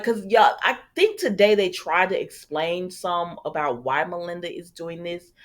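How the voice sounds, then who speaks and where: A woman hosting a casual soap opera recap, chatty and talking straight to her viewers. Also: on the low side. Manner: chatty, addresses viewers as "y'all".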